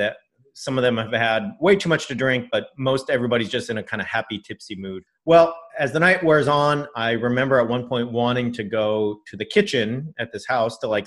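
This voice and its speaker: A man's voice: medium pitch, a bit bright. Rambling man telling a story. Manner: rambling, many fillers and restarts. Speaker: podcast co-host telling a story. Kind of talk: casual storytelling.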